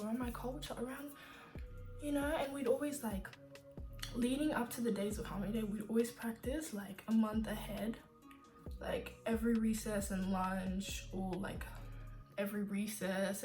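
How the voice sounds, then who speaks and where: A woman's voice: mid-range voice, fairly even intonation, moderate pace, dark tone, soft background music. A young woman vlogging in a casual, sassy, opinionated rant, full of fillers like "like" and "you know.". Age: young adult. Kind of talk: casual ranting vlog.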